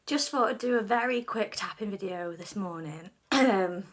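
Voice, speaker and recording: A middle-aged woman leading a guided tapping session, speaking slow repeat-after-me phrases and dropping some of them to a whisper. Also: mid-range voice. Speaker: tapping practitioner.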